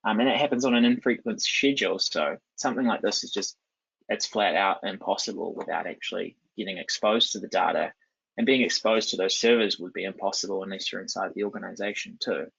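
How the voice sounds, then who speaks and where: A man walks through a live software demo in a loose, chatty way, full of ums and restarts. His fairly low voice has a gravelly, husky edge but still sounds bright and forward. The recording is dull and lo-fi. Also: brisk. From New Zealand. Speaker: conference presenter.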